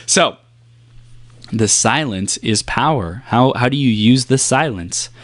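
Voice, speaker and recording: A man giving a motivational coaching talk, emphatic and repetitive, playing with pace and long pauses. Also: mid-range voice, animated, a bit bright, no room sound. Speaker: performance coach.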